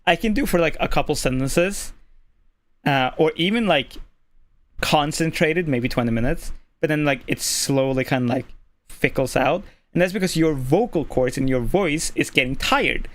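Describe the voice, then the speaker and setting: A streamer from Norway with a male-sounding voice, casually explaining voice tips at a desk mic, keeping the voice relaxed and filling pauses with "like". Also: on the high side. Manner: relaxed, deliberately easy on the voice, lots of "like" fillers. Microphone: desk microphone.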